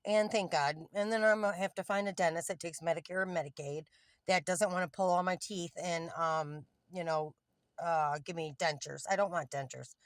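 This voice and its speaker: A woman's voice: on the low side, fairly even intonation, normal speed, no echo, clean studio sound. A woman in her fifties talking candidly into her phone from a parked car, rambling and getting heated at times. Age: 50s. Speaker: vlogger. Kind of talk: casual selfie vlog. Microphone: phone camera.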